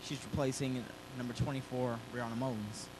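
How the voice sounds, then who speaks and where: A young man doing color commentary at a school basketball game, relaxed and analytical, announcing substitutions. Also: mid-range voice, normal speed, noisy background. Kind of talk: sports commentary.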